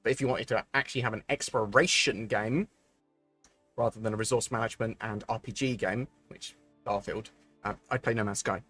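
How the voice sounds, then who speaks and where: A man's voice: on the low side, steady tone, a little fast, fairly bright tone, dry recording. A man streams live and answers viewer questions in a loose, rambling way. He fills gaps with ums and starts sentences over. His voice is close and dry, with faint music underneath. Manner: rambling, thinks aloud with many ums and restarts. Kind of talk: casual live-stream chat.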